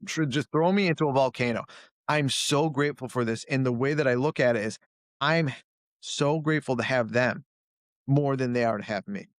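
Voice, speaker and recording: A man who runs a gym and coaches jiu-jitsu talks at normal speed in a mid-range voice during a casual interview. The studio sound is clean and dry, and he's blunt, self-critical, and animated, often voicing quoted people loudly.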